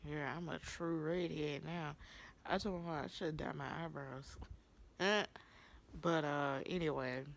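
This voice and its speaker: Gossipy woman vlogger, lower voice. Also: measured pace, creaky, a little hiss or hum. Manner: animated, gossipy, laughs often, slangy; acts out quotes in sudden high voices. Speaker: TV episode reviewer. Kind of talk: casual vlog recap.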